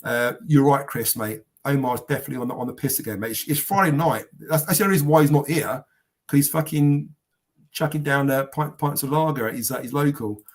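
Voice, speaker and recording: A man hosting a live podcast speaks fairly quickly in a mid-range voice. It's a casual stream, and he rambles and swears as he reads viewers' comments aloud.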